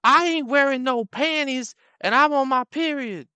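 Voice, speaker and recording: A man doing a loud woman panhandler, pitched way up high, blunt and pleading, with a bright, clear edge to it. the room is dry and close. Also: normal speed, no echo, exaggerated voice. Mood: brash pleading. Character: brash woman panhandler in a car.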